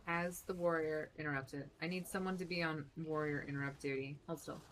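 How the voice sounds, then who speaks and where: A woman streamer giving casual, excitable gameplay commentary, chatty and blunt, with some mild swearing. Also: low-pitched, fairly quick, slight background noise, low-quality recording. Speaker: game streamer.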